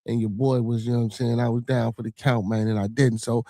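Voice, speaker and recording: A man's voice: mid-range voice, flat delivery, fast, dark tone, no echo, studio quality. A man with a Chicago accent hosting a livestream, joking and cursing loosely while reading chat comments aloud. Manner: loose, profane, joking banter with frequent filler. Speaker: livestream podcast host.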